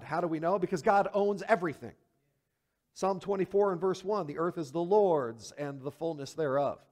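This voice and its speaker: A male pastor delivering a sermon, his voice sitting fairly high for a man. He preaches in an animated, emphatic way, dropping into hushed low asides and then climbing to loud, high peaks. He keeps firing rhetorical questions at the congregation.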